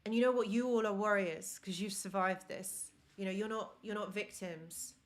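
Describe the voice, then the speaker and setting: A woman's voice: mid-range voice, steady tone, moderate pace. A woman with an accent hosting a live stream, talking earnestly and encouragingly straight to her viewers. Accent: non-native accent of English. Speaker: live-stream host and relationship mentor.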